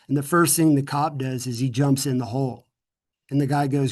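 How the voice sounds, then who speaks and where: Middle-aged American man, earnest, halting restarts, medium pitch. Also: darkish tone. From United States. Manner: earnest, repeats words and restarts often. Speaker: guest speaker. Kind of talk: conversational interview answers.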